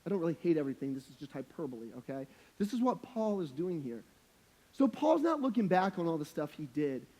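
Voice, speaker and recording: Young male pastor, high voice, casual slangy sermon, jokey and emphatic. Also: warm tone. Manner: humorous, emphatic preaching.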